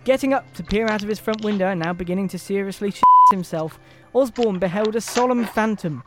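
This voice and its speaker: A man's voice: sits high, a little fast, over loud music. An English man co-hosting a podcast, reading a comic Christmas story aloud with dramatic delivery and putting on the characters' voices. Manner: reads dramatically, breaking off into laughter and asides.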